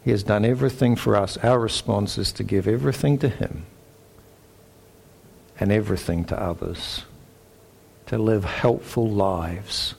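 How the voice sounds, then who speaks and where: A man with a New Zealand accent delivers a sermon in a somewhat low voice. He is earnest and emphatic, reading scripture aloud and pressing each point home. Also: unhurried, gravelly, pauses often, a little mellow, husky. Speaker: pastor.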